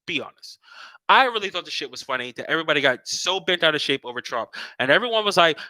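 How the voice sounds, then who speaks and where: A man's voice: on the high side, fast, no room sound, poor audio. A man ranting in casual talk, swearing constantly and mocking others in put-on voices. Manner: profane, animated, mocks others in put-on voices. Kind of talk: casual political rant.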